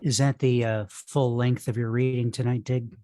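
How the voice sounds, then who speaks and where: Male open-mic host, halting and courteous, dry close sound on a video call. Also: mid-range voice, flat delivery, dark tone, dry recording. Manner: halting, filler-heavy, polite. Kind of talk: hosting a virtual reading.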